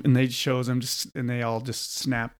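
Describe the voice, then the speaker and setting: A man's voice: medium pitch, monotone, moderate pace, no echo, studio quality. A man hosting a podcast, casually and animatedly retelling film scenes with frequent laughs. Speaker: podcast host. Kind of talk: casual chat.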